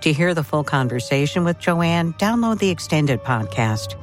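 A woman hosting a classical music radio show, giving scripted, even narration. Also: low-pitched, moderate pace. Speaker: radio host. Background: faint music underneath.

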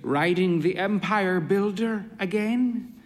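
A man doing a frail, grand old lady, high and fluttery. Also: takes it slowly. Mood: theatrical. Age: older. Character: frail proud old woman, sharp, theatrical. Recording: long hall reverb.

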